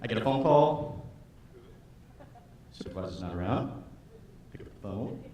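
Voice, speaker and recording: A man in his twenties doing a stand-up comedy set, swinging between loud put-on voices and low mutters. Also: expressive, a little slow, long pauses, a faint crowd, slight background noise. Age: 20s. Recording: echoey hall from far off.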